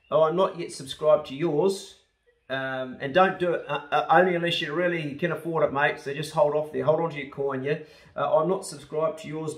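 A man with a New Zealand accent talks casually and bluntly, swearing freely as he reads his fan mail. His voice sits a little high for a man. The small room around him gives it a noticeable echo. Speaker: YouTuber opening fan mail. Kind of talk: casual chat. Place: house truck on a rainy day.

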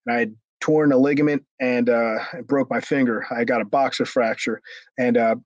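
A man, a former wrestler, telling a story in a casual interview, animated and profane, acting out what others said. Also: medium pitch, normal speed, no echo, muffled recording. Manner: animated, acts out quotes with raised voice, frequent restarts and swearing.

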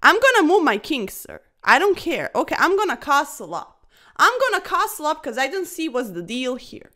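A woman chess streamer giving casual, excitable commentary over fast games, chatty and a little breathless, tacking "sir" onto her sentences. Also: sits high. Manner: excitable, chatty, keeps saying "sir", laughs often.

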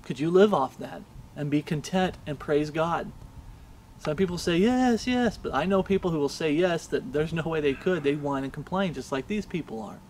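A man's voice: a little high, normal speed, a little mellow, slight background noise. A male pastor preaching a sermon with passion, reading scripture aloud and pressing the listeners with rhetorical questions.

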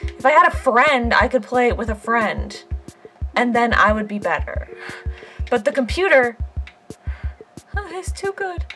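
A woman casually commenting while she plays a game, playful and excitable, cheering and trash talking and now and then squeaking in a silly high voice. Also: moderate pace, faint music behind. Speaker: gaming video creator. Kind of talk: playing a game with live commentary.

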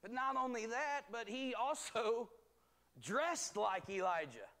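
A man teaching a bible study as pastor, reading scripture aloud and explaining it in a measured, emphatic way. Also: extremely high pitch, very animated, pushed and bright. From United States.

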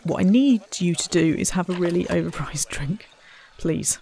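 A woman's voice: lowish voice, normal speed, mellow. A woman casually commenting while playing a zoo-building game, chatty and self-mocking, talking to the animals and visitors. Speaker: let's play host.

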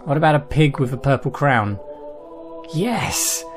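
A man doing casual let's-play commentary, reading the game's text aloud and breaking into chuckles and exclamations. His voice sits somewhat high with very lively intonation. Game music plays clearly behind him. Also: unhurried. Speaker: gameplay commentator.

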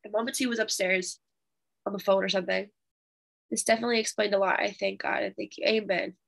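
A young woman teaching a Bible study, telling a testimony in an animated, chatty way with fillers. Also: mid-range voice, fast talker, vocal fry.

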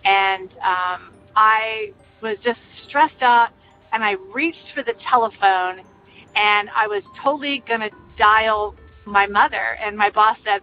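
An older woman earnestly telling a personal ghost story in a casual, meandering way, with many pauses. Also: mid-range voice. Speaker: caller sharing a ghost story. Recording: slightly muffled, faint music behind.

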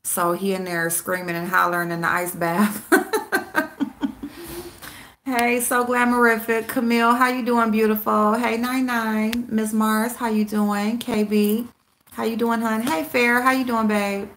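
Bright-voiced woman chatting on a livestream. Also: a little high, steady tone, moderate pace, slight background noise. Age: adult with a school-age son. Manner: greets viewers by name, calls them babe; blunt, repeats herself for emphasis. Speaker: livestream host. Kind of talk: casual livestream chat.

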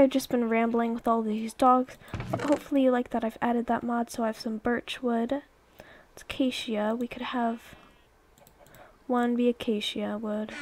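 Young woman, fairly high voice, rambling casual gameplay commentary, exclaims often. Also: slight background noise. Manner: chatty and rambling, coaxing pets, exclaiming. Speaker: let's play YouTuber.

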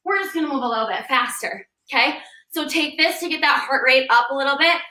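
A woman's voice: high voice, quick pace, pushed and bright. A young woman leading a bodyweight workout class, coaching moves and counting down reps in an upbeat, encouraging way. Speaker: fitness trainer. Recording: echoey room, voice a bit distant.

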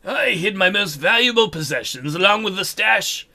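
Man reading a soft, slow, pleading thrall; high, bright voice. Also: expressive, heavily acted. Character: humble male thrall, former outlaw, pleading.

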